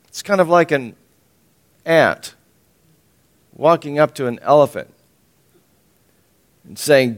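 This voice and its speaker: A man preaching a sermon and teaching from the Bible, emphatic, repeating his phrases, often clearing his throat and chuckling. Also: a little high, animated, slow pace, long pauses.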